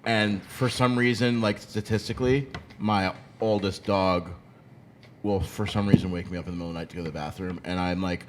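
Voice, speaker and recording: A fairly low-voiced man co-hosts a casual podcast, talking in a halting way with many restarts. He tells personal stories in an easygoing tone. Faint room hum lies under his voice. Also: steady tone. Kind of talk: casual chat.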